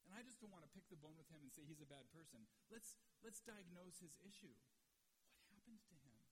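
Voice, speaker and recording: A man with a high voice preaches to his congregation. He is emotional and moves between loud urging and near-hushed passages. His voice carries a long reverb, with a faint hiss behind it. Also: animated, fairly quick. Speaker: pastor. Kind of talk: sermon.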